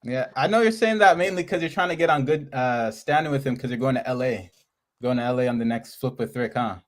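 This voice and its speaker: A man's voice: mid-range voice, brisk. Canadian man with a Toronto accent, chatty student, loose and joking. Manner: rambling, joking, many likes. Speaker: student on a coaching call. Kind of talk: casual coaching call.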